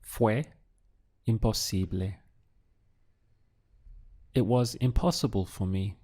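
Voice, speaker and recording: A man whose first language is Spanish, giving a slow audio language lesson and drilling phrases with patient pauses. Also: on the low side, dark tone. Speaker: Spanish tutor.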